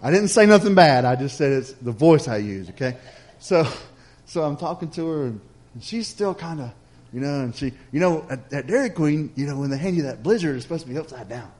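A man's voice: a little high, expressive, fairly quick, a little mellow. A man preaching a sermon, telling a story in a folksy, chatty way and speaking straight to the congregation.

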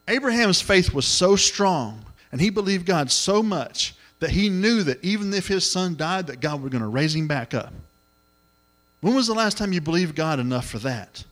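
A middle-aged man preaching a sermon, telling the story in an animated way and acting out the voices. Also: on the high side. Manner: animated storytelling, acts out voices, exclamations of hallelujah.

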